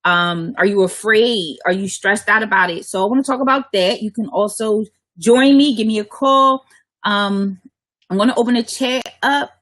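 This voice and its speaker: A woman's voice: mid-range voice, moderate pace, a bit bright. A woman hosting her own live radio talk show, chatting loosely and casually with her listeners.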